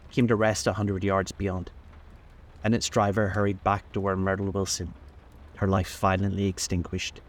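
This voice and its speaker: A male host reading a classic novel aloud in a measured, unhurried way. His voice is very deep, and his delivery stays steady throughout. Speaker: narrator, host. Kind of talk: audiobook-style novel reading.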